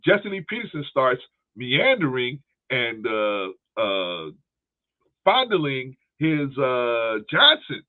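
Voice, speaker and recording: Animated man on a tinny phone-like line. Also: mid-range voice, slow. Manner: animated, laughing, peppers speech with "man". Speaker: livestream commentary host. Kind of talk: casual commentary with viewer shout-outs.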